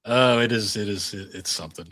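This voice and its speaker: A man's voice: on the low side, brisk, a bit bright. A man co-hosting a retro game podcast in casual chat, wry and laughing often, with the odd swear. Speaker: podcast co-host.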